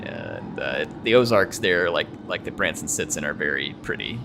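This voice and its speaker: Deep-voiced chatty American man streaming. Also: huge pitch swings, normal speed, creaky, background noise. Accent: General American, slight drawl. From United States. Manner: rambling and chatty, chuckles often. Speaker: streamer playing a strategy game. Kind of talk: casual live-stream chat.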